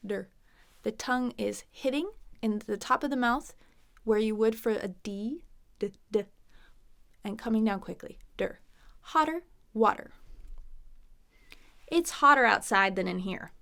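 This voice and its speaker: A woman with a General American accent teaching pronunciation, patiently repeating sounds and words slowly and clearly. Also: medium pitch, a bit bright. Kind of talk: slow pronunciation lesson with repeated model words.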